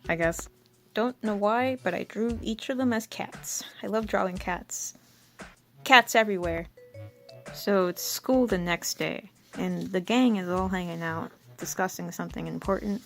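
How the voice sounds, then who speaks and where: A woman's voice: medium pitch, normal speed, soft background music. A young woman rambling through her old comic with self-mocking casual commentary.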